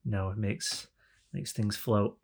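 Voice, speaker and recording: A man's voice: on the low side, steady tone, slow, crowd noise. A man hosting a casual podcast, telling stories with plenty of swearing and laughter. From England. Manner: storytelling, sweary, laughing often. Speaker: podcast host. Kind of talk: casual chat.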